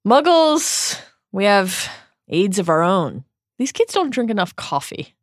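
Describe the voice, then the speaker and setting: A woman co-hosting a podcast, recapping chapters in a lively scripted style with playful asides. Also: medium pitch, measured pace, no echo, clean studio sound. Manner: lively, expressive storyteller voicing quotes. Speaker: podcast co-host.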